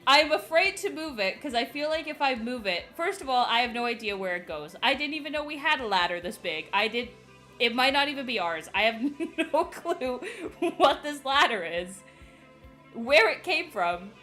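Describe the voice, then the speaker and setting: Bright, laughing young woman streamer. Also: fairly high pitch, moderate pace, faint music behind. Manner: animated, profane storytelling with frequent laughter. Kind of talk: casual live-stream chat.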